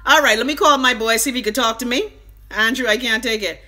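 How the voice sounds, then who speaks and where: A woman's voice: a little high, fast talker, sharp tone. A middle-aged Bahamian woman hosting a casual live stream. She rambles from topic to topic with salty, profane talk.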